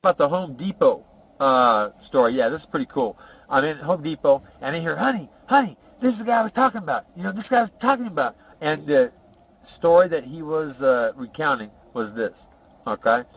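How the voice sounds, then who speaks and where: A man's voice: medium pitch, normal speed, muffled recording, natural voice. A podcast host voicing a boastful, profane male ex-convict who rambles through tough prison stories in a comic character monologue. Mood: swaggering. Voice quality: rough, profane, rambling storyteller.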